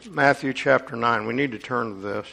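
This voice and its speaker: Gravelly, bright-voiced preaching man. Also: medium pitch, normal speed. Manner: reads scripture aloud, then comments with rising, preaching emphasis. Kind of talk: sermon.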